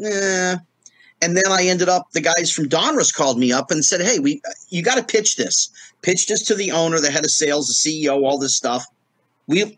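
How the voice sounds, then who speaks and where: Husky middle-aged man telling stories. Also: fairly high pitch, no echo. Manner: animated storyteller acting out quoted voices. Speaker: guest. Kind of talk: storytelling in a casual interview.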